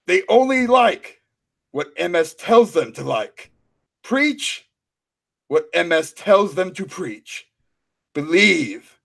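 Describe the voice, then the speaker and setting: A man's voice: high-pitched, big pitch swings, slow pace, vocal fry, pauses often, a bit bright, full character voice. A man voicing a pompous old male professor, reading in a wobbly, bad British accent that slides toward a panicked old man. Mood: mock-serious. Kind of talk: mock-dramatic reading.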